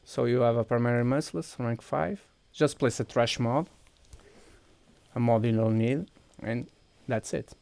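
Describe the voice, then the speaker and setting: A man with a Portuguese accent chats casually on a live game stream, talking viewers through each step as he goes. His voice has a gravelly, creaky edge and a mid pitch. The sound is dry and close, with no room echo. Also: unhurried, a little mellow. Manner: walks viewers through steps while clicking, thinking aloud.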